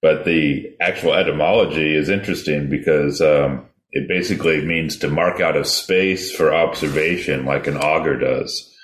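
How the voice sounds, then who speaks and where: A man co-hosting a radio talk show, asking measured, scholarly questions with hesitant fillers. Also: very deep voice, steady tone, fairly bright tone, echoey room. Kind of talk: thoughtful interview questions.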